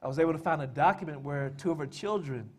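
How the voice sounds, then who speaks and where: A man presents to an audience in a relaxed, conversational way. His voice sits a little high, and his talk is full of small "uh" fillers and dry jokes at his own expense. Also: quick pace. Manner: conversational with frequent "uh" fillers and dry self-deprecating humor. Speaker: speaker presenting family history and poetry. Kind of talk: public talk.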